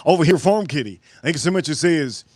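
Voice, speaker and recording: On his cooking and whiskey livestream, a man speaks a little fast and animatedly in a fairly high voice with a darkish tone. The studio-quality sound has no room sound. He rambles jokily off on tangents, reading out viewers' messages and thanking them.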